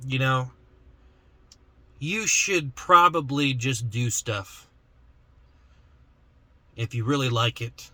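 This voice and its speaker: A man's voice: a little high, sharp tone, no room sound. A man vlogging in casual chat to the camera, rambling with lots of fillers and restarts.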